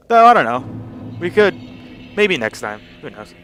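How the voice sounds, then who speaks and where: A man's voice: fairly high pitch, very animated, takes it slowly, a bit bright. Rambling young man telling a story. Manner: rambling, filler-heavy, frequent swearing. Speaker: gaming channel host. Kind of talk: casual storytelling over gameplay.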